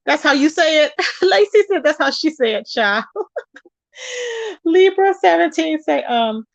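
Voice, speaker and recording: High-pitched woman host, lively chatty stream talk, greets viewers warmly by name. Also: takes it slowly, creaky, dull audio. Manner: animated, chatty, calls viewers "child" and "baby". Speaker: livestream host reading chat. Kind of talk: casual chat.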